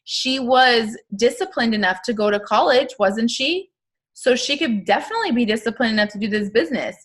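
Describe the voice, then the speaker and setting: A woman's voice: on the high side, expressive, fairly quick. A woman coaching her sales team on a live stream, casual and chatty, full of fillers and asides, upbeat and emphatic.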